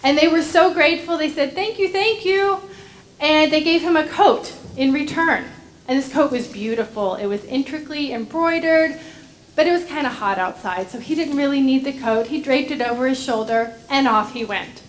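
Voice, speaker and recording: A woman gently telling a story to children during a church service. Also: sits high, moderate pace. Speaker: director of religious education. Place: church sanctuary.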